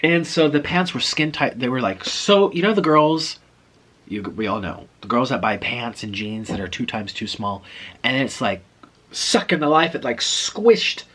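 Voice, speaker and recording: A man from South America telling a personal story in an animated, chatty, self-deprecating way. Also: mid-range voice, moderate pace. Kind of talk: casual storytelling.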